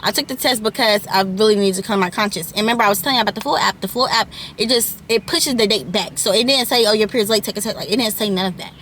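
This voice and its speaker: A woman's voice: medium pitch, fast talker, few pauses, a bit bright, a little hiss or hum. An eighteen-year-old woman vlogger telling a casual storytime monologue into her camera mic, rambling with lots of "like" and "y'all" asides.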